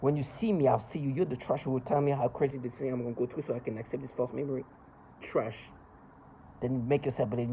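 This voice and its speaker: A man's voice: medium pitch, steady tone, fast talker, warm tone, a little hiss or hum, poor audio. A man in an agitated, accusatory, emotional rant, speaking as a monologue. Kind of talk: angry ranting monologue.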